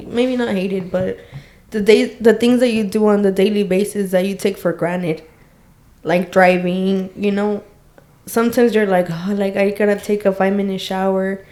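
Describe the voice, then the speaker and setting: Soft-spoken, reflective woman podcast guest. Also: medium pitch. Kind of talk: heartfelt casual chat.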